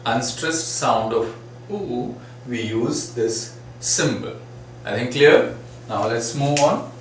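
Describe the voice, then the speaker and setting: A man teaching phonetics, patiently repeating sample words to demonstrate each sound. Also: mid-range voice. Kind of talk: classroom lecture. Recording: very echoey room, far from mic, faint noise.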